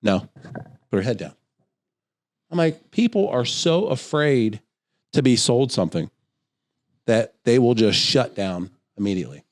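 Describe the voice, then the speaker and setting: Speaking a little slowly with long pauses, a middle-aged podcast co-host in a mid-range voice tells a long anecdote in casual conversation. He's an animated storyteller who acts out others' voices, and the sound is clean studio quality with no echo.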